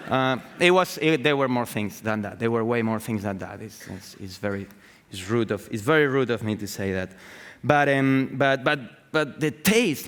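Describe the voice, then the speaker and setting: A man with as his gives a live talk about his art, swearing freely and piling up fillers, false starts and repeated words. His voice sits at a middle pitch and carries a long reverb from a large event hall. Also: moderate pace, hardly any pauses. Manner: profane, excitable, full of fillers and restarts. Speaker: artist giving a talk.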